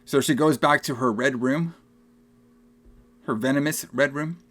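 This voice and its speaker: A young man co-hosting a podcast, recapping a movie in casual, animated chat and laughing often. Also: medium pitch. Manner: animated, laughing, acts out film lines in quick voices. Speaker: podcast co-host.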